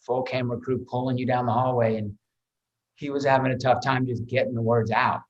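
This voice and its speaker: A man, an actor guesting on a podcast, telling anecdotes in a lively way, swearing freely and restarting his words often. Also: medium pitch, brisk, dull audio.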